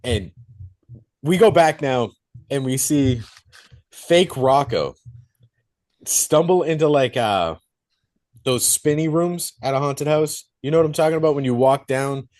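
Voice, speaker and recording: A man's voice: a little high, measured pace, pauses often. Man swearing casually while retelling a film. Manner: animated storytelling, swears freely. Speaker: podcast co-host reviewing a film. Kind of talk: casual chat, retelling a movie plot.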